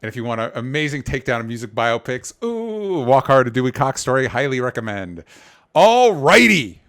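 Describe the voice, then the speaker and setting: A man's voice: mid-range voice, very animated, quick pace, a bit bright, smooth. An enthusiastic man hosting a casual podcast. He talks directly to his audience in a friendly, easygoing chat. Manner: enthusiastic, addresses listeners as "gang". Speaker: podcast host.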